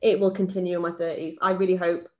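Woman, about thirty, podcast co-host, chatty and animated telling stories. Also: fairly low pitch, fast. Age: around 30. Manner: chatty storyteller, animated when telling anecdotes. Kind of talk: casual chat.

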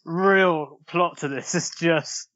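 A man in a casual film podcast chat, laid-back and trailing off quietly. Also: on the high side, slow pace, lo-fi sound. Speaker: podcast co-host.

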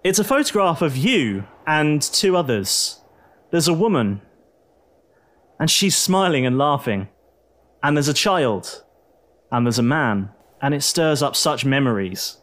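Speaking at a measured pace, a man with a fairly high, somewhat bright voice delivers very animated tabletop narration. As game master, he tells the story directly to the players in the second person, full of drama.

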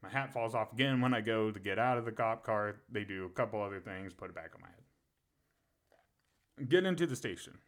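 A man's voice: lowish voice, expressive, a little fast. A man co-hosting a podcast, telling a story in a casual, profane way and laughing often. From Pennsylvania. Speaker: podcast co-host.

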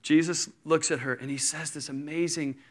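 A man in his thirties preaching a sermon, telling a story with lively energy and acting out the people in it. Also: on the high side, moderate pace, a little hiss or hum. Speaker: pastor.

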